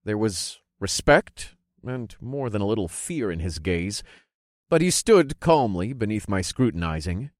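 Man reading a fantasy audiobook, low slow lively voice, dry sound. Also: dry recording. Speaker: audiobook narrator. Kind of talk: first-person fantasy narration.

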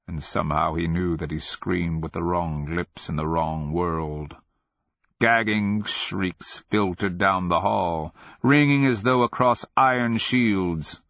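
Slow, deep-voiced male audiobook narrator. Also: gravelly, a bit bright, no echo, dull audio. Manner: measured, grave storytelling.

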